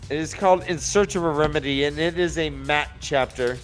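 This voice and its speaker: A man's voice: on the high side, brisk, soft background music. A man hosting a casual book discussion podcast, loosely recapping chapters with asides and some swearing. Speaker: podcast host.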